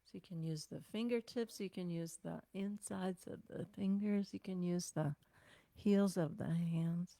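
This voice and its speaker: An older woman leading a self-care class, giving gentle, unhurried instructions with sighs and breathing cues. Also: on the low side, creaky, no room sound. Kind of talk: guided self-massage class.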